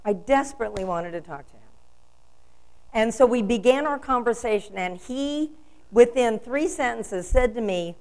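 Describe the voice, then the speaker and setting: A woman's voice: on the high side, animated, normal speed, darkish tone, rough recording. An older woman delivering a storytelling sermon, asking rhetorical questions with emphasis.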